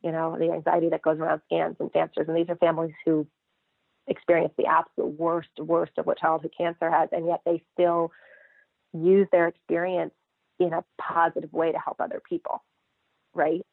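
Middle-aged woman guest, expressive storyteller, slightly low voice, thin phone-line audio. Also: moderate pace, gravelly, no echo. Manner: lively, expressive, acts out quoted voices. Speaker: guest, mother of a child cancer patient. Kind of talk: casual interview storytelling. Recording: tinny phone-line sound, dry.

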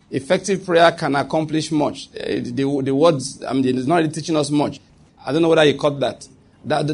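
Male preacher, earnest sermon delivery, slightly raised pitch. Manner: earnest, slows to stress scripture, some restarts.

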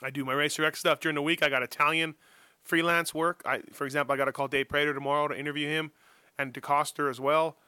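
A man's voice: a little high, little pitch movement, fast, bright, forceful tone, clear, resonant tone, dry recording, studio quality. A man guest on a podcast interview, talking casually and rambling with lots of fillers and restarts, joking at his own expense. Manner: rambling, self-deprecating, many fillers and restarts. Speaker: motocross journalist guest. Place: home office.

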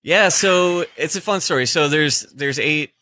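A man's voice: fairly high pitch, unhurried, bright, forceful tone, no echo. A man who co-founded a business, a guest on a podcast in a studio, talking in an easygoing way and laughing readily. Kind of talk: casual chat. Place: recording studio.

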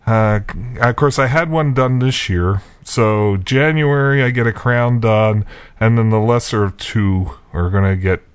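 A man's voice: lowish voice, a little slow, clean tone, no room sound. A man hosting a podcast, telling a rambling, self-mocking story in a casual chat with many fillers and chuckles. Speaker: podcast host.

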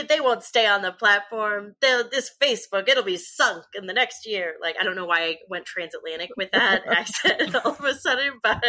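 A woman in her thirties chatting casually as a co-host. Her voice is bright and forceful, and she keeps up a lively, joking tone full of asides. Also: mid-range voice. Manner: chatty, animated, jokey asides. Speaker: podcast co-host. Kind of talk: casual chat.

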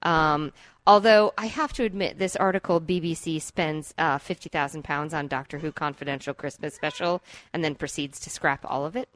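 A woman's voice: low voice, fairly even intonation, moderate pace. A woman co-hosting a casual podcast in an easygoing way, reading news items aloud. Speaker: podcast co-host.

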